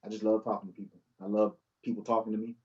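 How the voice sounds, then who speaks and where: A man's voice: on the low side, little pitch movement, rapid-fire, dark tone, dull audio. A young man who is a police officer, chatting as a guest in an easygoing, laid-back way and telling stories from the job. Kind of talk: casual interview chat, storytelling.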